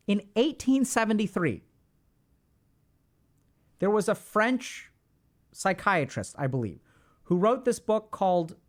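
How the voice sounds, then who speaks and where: Middle-aged guy explaining stuff to his stream chat, pitch bouncing all over, punchy repeats. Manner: lively, emphatic, repeats phrases for stress; informal, talks to chat directly. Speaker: streamer host discussing mental health. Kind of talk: casual livestream lecture to chat.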